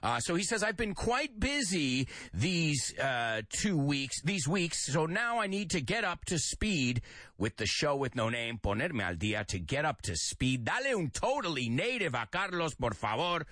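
A man hosting a radio show, his voice bright and ringing, swinging widely up and down in pitch. He reads listener comments aloud and slips into Spanish between English idioms. The sound is dry and close. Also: sing-song, moderate pace, no room sound. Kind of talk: lively radio show chat.

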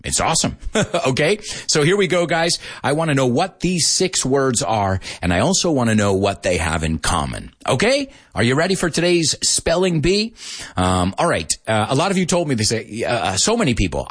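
A husky-voiced man leads a lively English lesson, his pitch swinging up and down as he jokes with his students. He spells words letter by letter and drops in Spanish translations, sounding a little out of breath from talking fast. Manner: energetic, joking, mixes in Spanish translations. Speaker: English teacher. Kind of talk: live-stream English lesson.

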